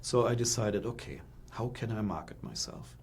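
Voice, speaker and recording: A middle-aged man from Germany with a German accent, a guest in an interview, telling his story with animated, acted-out quotes. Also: fairly low pitch, moderate pace, a little hiss or hum.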